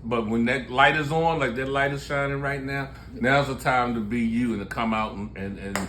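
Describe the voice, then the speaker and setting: A man's voice: medium pitch, moderate pace, noisy background. A man in his sixties from Baltimore, a musician telling stories in a candid, joking way and laughing often in casual chat. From Baltimore, USA. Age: 60s. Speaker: musician and show host.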